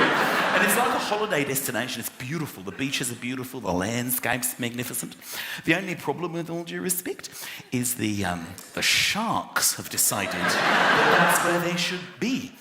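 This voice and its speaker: A man performing an animated, exasperated stand-up routine on a theatre stage. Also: mid-range voice, roomy sound, noisy background. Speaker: stand-up comedian. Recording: live theatre with roaring crowd.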